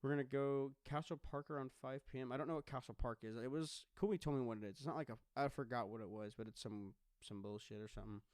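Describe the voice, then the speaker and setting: A man's voice: mid-range voice, fast talker, few pauses, darkish tone, smooth, no room sound, studio quality. A man hosting a solo podcast, chatting casually in a rambling, joking way with lots of swearing. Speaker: podcast host.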